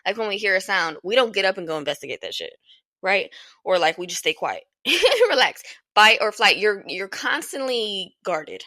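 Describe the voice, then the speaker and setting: A woman's voice: mid-range voice, lively intonation, moderate pace, bright, forceful tone, no echo. A young woman hosting a podcast, giving casual advice in a blunt, emphatic way, swearing freely and repeating lines for emphasis. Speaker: podcast host.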